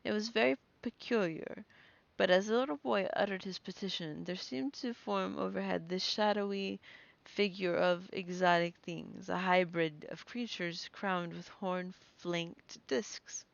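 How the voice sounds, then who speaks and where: Young woman reading a story live, gravelly. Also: on the low side, fairly even intonation, unhurried, dry recording, highs cut off. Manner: stumbles over names, breaks off to react and laugh. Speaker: streamer reading a story aloud. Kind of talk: live-stream story reading with chatty asides.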